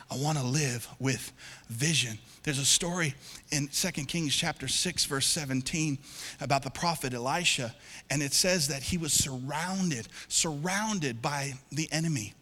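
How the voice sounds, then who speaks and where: A male pastor with a fairly high, bright voice preaches in a casual, joking way, pushing some lines out loud and dropping others to a near whisper. His voice carries the long reverb of a large church hall. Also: measured pace, breathy edge. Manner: conversational and joking, swinging from loud emphasis to hushed whispers. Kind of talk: sermon. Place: church auditorium.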